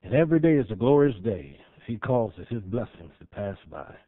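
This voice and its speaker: A man preaching a sermon as pastor, rising to loud emphatic peaks and dropping to soft, drawn-out lines. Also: lowish voice, sing-song, dry recording. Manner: swells loud then drops soft, dramatic pauses. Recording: tinny phone-like sound.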